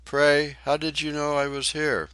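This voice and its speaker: Male reader doing a refined young woman, lifted high and courteous, dry close sound. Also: flat delivery, measured pace, pushed and bright, clear, resonant tone, dry recording. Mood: polite.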